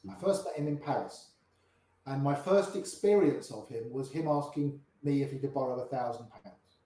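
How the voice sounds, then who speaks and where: A man's voice: medium pitch, moderate pace, dark tone. Grey-haired storytelling man, echoey room. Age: older. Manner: anecdotal, acts out quoted voices. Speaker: poker player guest. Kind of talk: storytelling interview.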